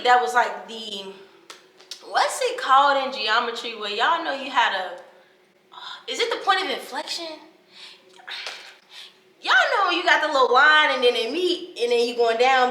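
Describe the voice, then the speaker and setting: A college-age woman talking casually to camera in a vlog, chatty and animated, calling her viewers y'all. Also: on the high side, moderate pace, reverberant. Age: 20s. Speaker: college student vlogger and podcaster.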